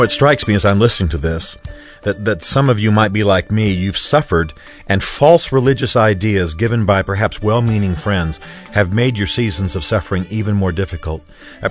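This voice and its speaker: A man hosting a religious radio program, speaking in a gentle, personal, encouraging way. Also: lowish voice. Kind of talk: reflective radio commentary. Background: soft music.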